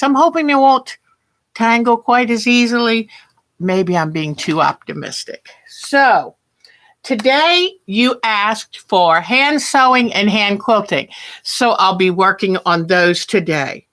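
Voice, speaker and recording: A woman's voice: on the high side, unhurried, a bit bright. A woman hosting a quilting livestream, chatting casually and thinking aloud, often stopping herself mid-sentence to start over. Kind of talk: casual livestream chat and demonstration.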